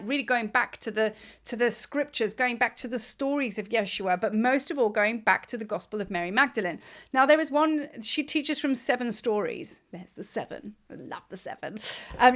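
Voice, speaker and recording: A woman's voice: on the high side, a bit bright. A woman, a spiritual teacher talking in a chatty, rambling way and laughing often. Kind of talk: casual spiritual vlog monologue.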